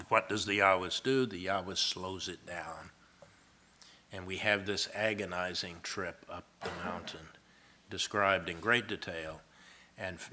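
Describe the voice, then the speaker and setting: Deep-voiced man giving a university lecture. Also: sharp tone. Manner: reads scripture aloud, then explains it with asides. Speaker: professor.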